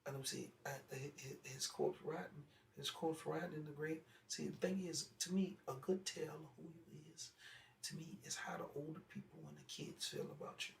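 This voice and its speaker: Gravelly man telling a story from afar. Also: fairly high pitch, moderate pace, slight background noise. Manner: animated storytelling, loud and rising when retelling anger. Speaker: interview guest. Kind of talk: casual storytelling interview. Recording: echoey room, far from mic, faint ambience.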